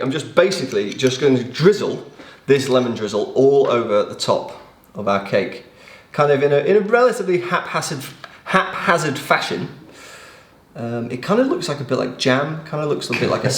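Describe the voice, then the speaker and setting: A man's voice: medium pitch, animated, a little fast, echoey room. A man from England baking on a live home cooking stream, describing the food with rambling enthusiasm. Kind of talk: casual cooking demonstration. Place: home kitchen.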